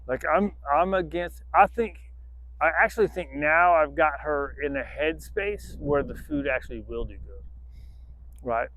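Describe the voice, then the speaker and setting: A man's voice: a little high, fairly bright tone. A man training a dog outdoors, rambling casually to the camera, swearing freely and breaking off to give the dog commands.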